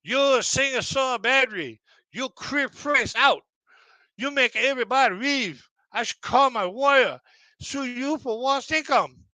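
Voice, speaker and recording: Shrill, scolding male bar owner, put on by a man. Slow, high-pitched and loud. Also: no echo, heavily acted, low-quality recording. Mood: angry scolding.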